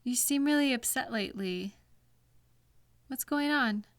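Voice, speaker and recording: Woman, slow and gentle, patient girlfriend voice for whispered role-play, dry close mic. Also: on the high side, dry recording. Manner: soft, gentle, patient questioning.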